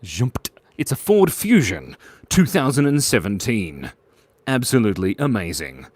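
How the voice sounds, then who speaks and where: A man live-streaming while drawing, chatting playfully, muttering quietly as he works and jumping to squeaky, excited highs. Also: unhurried, husky, no room sound. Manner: playful, jumps to squeaky high bursts of excitement.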